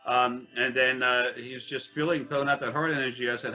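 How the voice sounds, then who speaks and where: A man telling a long personal story in casual speech, halting often with fillers and restarts and swearing bluntly. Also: medium pitch, flat delivery, bright, forceful tone, muffled recording. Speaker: interviewee.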